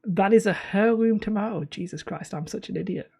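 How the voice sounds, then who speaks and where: A woman's voice: mid-range voice, a little fast, vocal fry, mellow, husky. A woman hosting a casual livestream, reading viewer comments in a rambling, self-deprecating way and laughing often. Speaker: livestream host.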